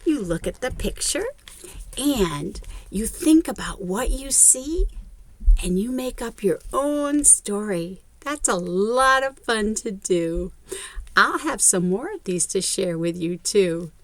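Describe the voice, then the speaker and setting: Lively, slow-paced woman reading to kids. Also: medium pitch, dry recording. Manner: expressive, child-directed, frequent gasps; talks directly to young viewers. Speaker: children's story reader. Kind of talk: read-aloud picture book narration.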